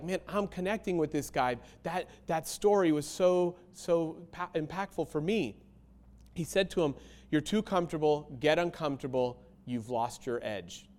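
A man's voice: fairly high pitch, darkish tone. A man in his forties giving an earnest motivational talk to a crowd, with many fillers and restarts. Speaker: speaker.

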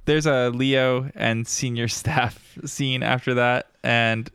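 A man's voice: mid-range voice, steady tone, slow pace, creaky, a bit bright, clean tone, dry recording, studio quality. A man co-hosting a casual podcast, recapping scenes in a laid-back way and laughing often. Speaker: podcast co-host recapping an episode. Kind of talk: casual chat.

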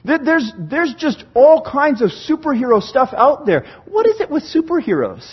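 A pastor preaching a sermon, asking the room rhetorical questions and swinging from hushed to loud. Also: male voice, very high voice, very animated, moderate pace, dull audio.

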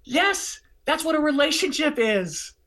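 A middle-aged man telling a personal story in conversation, expressive and bursting into loud excited outbursts. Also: high-pitched, normal speed. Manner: expressive, swings into loud excited outbursts when acting out scenes. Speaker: guest, charity fundraising speaker.

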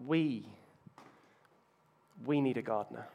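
A man's voice: medium pitch, slow, gravelly, dull audio. A man preaching a sermon, telling self-mocking stories with playful asides. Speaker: pastor.

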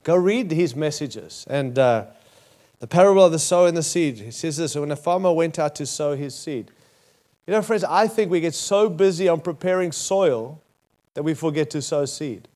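A man with an Australian accent preaches in a high voice. He is emphatic and drives his points home with short, repeated phrases. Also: expressive, normal speed, warm tone. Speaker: pastor. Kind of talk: sermon.

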